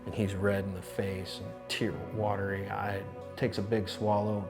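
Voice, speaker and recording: A man, an insurance adjuster, telling his story for a documentary in a conversational, animated way with many restarts. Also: lowish voice, normal speed, hardly any pauses. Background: music.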